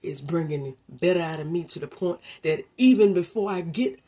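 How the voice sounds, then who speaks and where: A woman delivers a faith-based motivational talk in a low, slightly husky voice. She speaks straight to the listener in a colloquial, preacherly way. She drops to a near hush, then builds to emphatic peaks. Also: normal speed. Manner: preacherly, swinging from hushed to emphatic; colloquial, direct address to listener.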